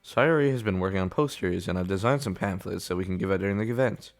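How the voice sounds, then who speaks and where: A man voicing a poised young woman club president with a put-on British accent, calm and encouraging. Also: sits low, quick pace. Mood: reassuring. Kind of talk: voicing a visual novel.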